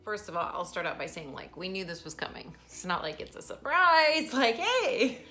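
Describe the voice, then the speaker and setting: A woman's voice: medium pitch, big pitch swings, moderate pace, sharp tone, faint music behind. A woman in her thirties vlogging casually about her daughter, chatty and emotional, often breaking into laughter. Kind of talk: casual personal vlog.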